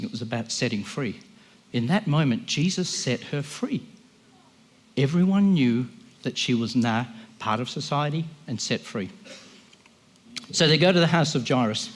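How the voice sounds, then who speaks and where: A man giving an impassioned, emphatic sermon as a guest speaker, often voicing the people he quotes. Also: mid-range voice.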